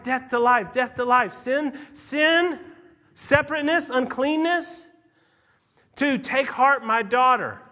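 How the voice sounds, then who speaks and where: Male pastor, high lively voice, bright and forceful, preaching with dramatic emphasis. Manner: emphatic, dramatic swings in pace and loudness. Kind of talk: sermon.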